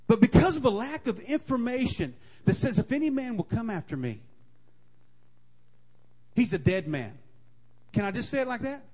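A man preaching a sermon, repeating his key lines and building to forceful emphasis. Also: extremely high pitch, sing-song, moderate pace, pauses often, slightly rough.

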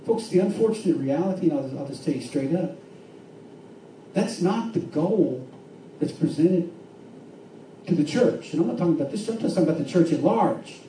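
A man preaching a sermon, swinging between fervent shouts and hushed, quiet stretches. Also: on the high side, animated, normal speed, long pauses, slight background noise. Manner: impassioned preaching with rising shouts and hushed drops. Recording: echoey room from far off with faint ambience.

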